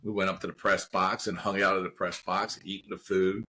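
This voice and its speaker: A man from the Baltimore area, a guest actor, telling an animated anecdote in casual conversation with bursts of laughter. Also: low voice, fairly quick, a little hiss or hum, rough recording. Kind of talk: casual storytelling.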